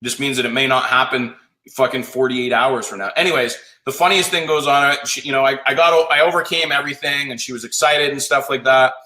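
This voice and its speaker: A man coaching a live audience in a blunt, profane, rapid-fire pep talk. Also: medium pitch, fairly even intonation, pushed and bright. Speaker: sales coach. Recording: roomy echo.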